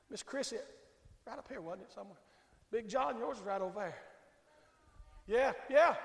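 A male preacher with a strikingly high-pitched voice delivers a folksy, emphatic sermon, calling out members of his congregation by name. The sound is roomy and full of echo, and it rings on in the church sanctuary. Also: gravelly. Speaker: pastor. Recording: echoey hall with long reverb.

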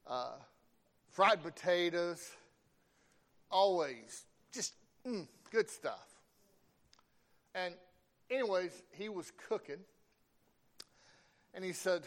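A middle-aged man preaching in a fairly high voice. He tells homespun stories at an easy pace and often pauses to ask for an amen. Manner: folksy, calls for amens. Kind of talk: sermon with folksy storytelling.

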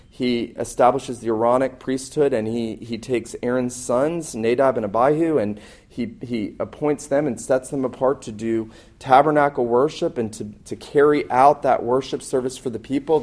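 A man's voice: mid-range voice, a little mellow. A man preaching as a pastor, earnest and emphatic, often restarting his phrases as he builds a point. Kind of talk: sermon.

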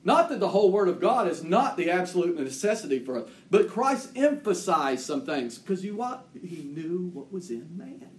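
A man preaching a sermon as pastor. He swings between loud, emphatic declarations and hushed, intimate asides. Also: high-pitched, big pitch swings, normal speed, few pauses, echoey room.

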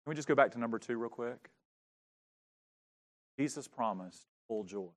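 A pastor telling a funny, self-mocking story during a sermon. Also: male voice, mid-range voice, moderate pace.

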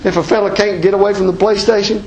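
High-voiced Southern preacher, folksy and emphatic. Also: male voice, steady tone, fast talker, a little mellow, muffled recording. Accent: Southern American. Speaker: pastor. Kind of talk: sermon.

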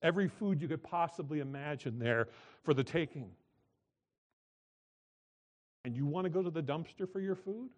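A man preaching a sermon, swinging between emphatic, loud lines and quiet, drawn-out ones. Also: on the high side, lively intonation. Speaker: pastor.

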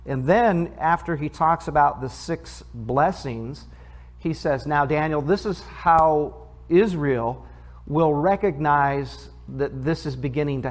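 A man preaches a teaching sermon at a middle pitch. He reads scripture aloud, then breaks it down in plain conversational talk. He often stops to put questions to the congregation. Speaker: pastor.

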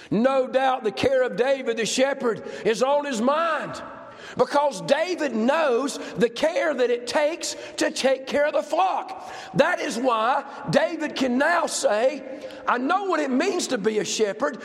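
A man with a very high voice preaches fervently to a congregation, repeating his lines and often rising to a shout. His voice rings through a church hall with a long, lingering reverb. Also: animated, unhurried. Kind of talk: sermon.

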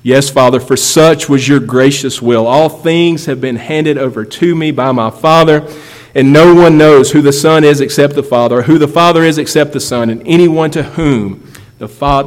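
A man's voice: mid-range voice, moderate pace. Emphatic male pastor in a reverberant hall. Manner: emphatic, repeats key phrases for effect. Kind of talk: sermon.

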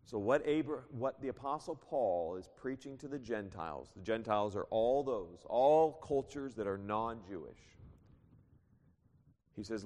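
Lively male preacher in a reverberant hall. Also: fairly low pitch, a little slow. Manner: reads scripture aloud and explains it, at times raising his voice. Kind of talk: sermon. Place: church sanctuary.

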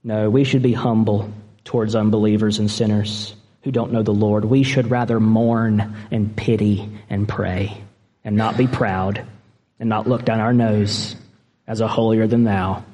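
A man's voice: fairly low pitch, flat delivery, unhurried, dark tone. A man preaching a sermon as a pastor, earnest and impassioned, at times moved near tears. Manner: earnest and impassioned, growing emotional. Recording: long reverb of a large hall.

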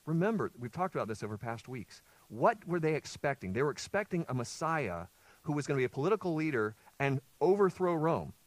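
A man's voice: on the high side, big pitch swings, fairly quick, no echo. A male pastor preaching a sermon. He reads scripture aloud, explains it, and puts questions to the listeners before answering them himself.

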